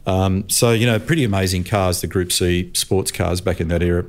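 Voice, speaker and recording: Man, Australian accent, older, storytelling, chatty, low pitch. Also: moderate pace, a crowd in the background. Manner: chatty, laughs, acts out voices in stories. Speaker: motorsport commentator, interview guest. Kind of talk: anecdotal storytelling.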